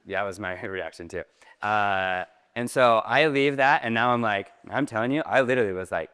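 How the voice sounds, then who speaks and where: A man telling a personal story to an audience in a large hall, in a lively way with many casual fillers. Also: lowish voice, fairly quick, clean tone. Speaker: speaker. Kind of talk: storytelling talk.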